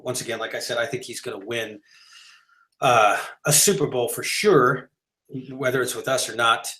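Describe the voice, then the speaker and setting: A man's voice: medium pitch, a bit bright. Emphatic rambling sports-talk man. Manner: emphatic, rambling with many restarts and fillers. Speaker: podcast co-host.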